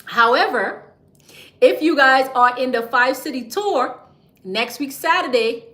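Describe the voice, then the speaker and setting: A woman hosts a casual livestream, chatty and quick to laugh. Her voice sits high and sounds bright. The room around her is echoey. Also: lively intonation. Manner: chatty and playful, laughs often, drops into a whisper to share tips. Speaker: livestream host teaching business credit. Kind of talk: casual livestream talk to viewers.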